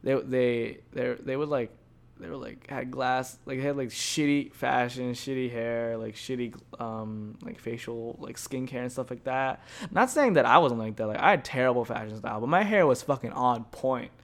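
A man's voice: medium pitch, normal speed. A young man in his twenties hosting a podcast, telling a story casually with lots of swearing and filler words. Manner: profane, rambling, heavy on filler words; mocking, animated. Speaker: podcast host.

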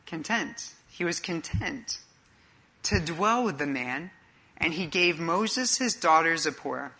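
Earnest, bright-toned man preaching. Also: fairly high pitch, expressive, slow. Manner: earnest, conversational preaching with rhetorical questions. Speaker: pastor. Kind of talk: sermon.

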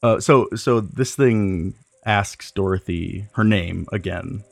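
A man's voice: fairly low pitch, slow, gravelly, dry recording. A man playing a tabletop horror game, narrating his character's actions and dialogue. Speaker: player.

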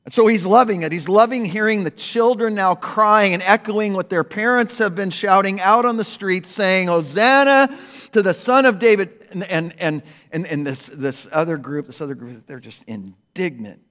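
A man preaching a sermon as pastor, animated, jumping between loud exclamations and hushed asides. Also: high-pitched, normal speed. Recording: long hall reverb.

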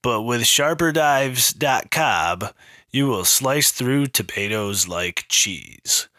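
A man's voice: mid-range voice, animated, slow, bright, forceful tone, no echo, clean studio sound. A man playing a self-important podcast host with a stuffy nose, earnestly reading his own plugs and ads in a comedic parody podcast. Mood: pompous. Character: pompous male podcast host, self-promoting.

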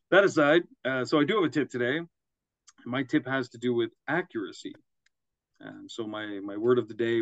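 A man co-hosting a casual business podcast, talking in loose, rambling asides and chuckling at his own jokes. His voice sits at an ordinary middle pitch. The recording is dry and slightly muffled. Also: a bit bright, no room sound. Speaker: podcast co-host. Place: Quebec, Canada.

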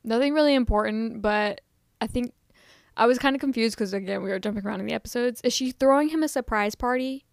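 A woman's voice: on the high side, fast, creaky, no echo, clean studio sound. A young woman co-hosting a podcast in casual chat, recapping TV episodes at an easy pace, with lots of "mm-hmm" and sighs of "ugh". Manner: relaxed, backchannels a lot and sighs "ugh" over cute moments. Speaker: podcast co-host.

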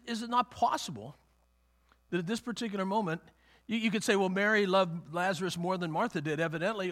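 High-voiced man preaching conversationally. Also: a bit bright, breathy edge. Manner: conversational, repeats and restarts, acts out quotes. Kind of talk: sermon.

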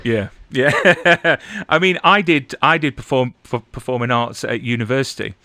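Young male host, stammers, casual interview chat, bright edge, dry close sound. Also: mid-range voice, moderate pace, no echo. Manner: stammers, repeats syllables.

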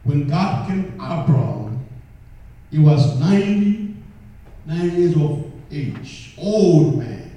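A man preaching a sermon with an African accent, slow and deliberate, calling for responses from the congregation. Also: on the high side, lively intonation, dark tone, heavy reverb, distant mic, muffled recording. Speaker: pastor. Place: church.

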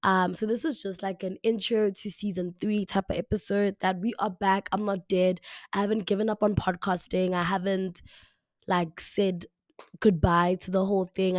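Young woman hosting her podcast solo, voice gone a bit raspy and deep from flu, says like a lot, dry room sound. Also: steady tone, moderate pace, no echo. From South Africa. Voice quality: slightly raspy. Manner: chatty, repeats herself, many "like" fillers. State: hoarse, deeper voice after flu. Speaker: podcast host. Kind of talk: casual solo podcast talk. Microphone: camera mic, alone indoors.

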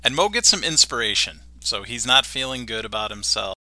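A man's voice: mid-range voice, sing-song, fairly quick, heavy background noise. A man co-hosting a podcast, casually retelling a cartoon episode and laughing along. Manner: laughing, retelling scenes with quoted lines. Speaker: podcast co-host.

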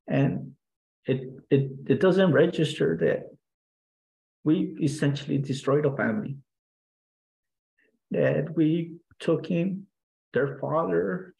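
A man, a guest in an interview, earnestly recounting a personal story in a halting way, with many restarts and fillers. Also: fairly high pitch, creaky, a little mellow, rough recording.

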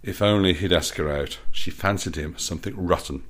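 A man's voice: low-pitched, brisk. A man reading aloud his own playful story, with a self-amused manner.

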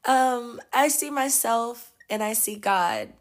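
A woman hosting a podcast as an energetic healer, telling a travel story in a chatty way and laughing often. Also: a little high, slow. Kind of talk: casual storytelling.

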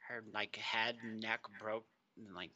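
A man's voice: fairly low pitch, steady tone, measured pace, pushed and bright, highs cut off, a little hiss or hum. A man co-hosting a casual podcast, telling rambling, laid-back stories. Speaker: podcast co-host.

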